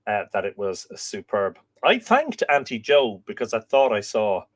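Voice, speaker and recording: A man's voice: fairly low pitch, big pitch swings, unhurried. Chatty Irish man reading out viewer comments. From Ireland. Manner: chatty and musing, with filler words. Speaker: host. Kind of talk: live stream chat, reading viewer comments.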